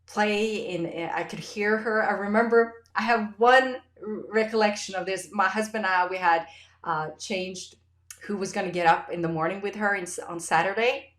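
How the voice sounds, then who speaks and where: A woman hosting a podcast interview, talking in an effusive, animated way in casual chat. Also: medium pitch, moderate pace. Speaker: podcast host. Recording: roomy echo.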